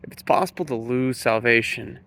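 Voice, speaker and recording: A man giving an earnest preaching monologue to camera, slow and emphatic, leaning on key words. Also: mid-range voice, fairly bright tone. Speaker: Christian speaker.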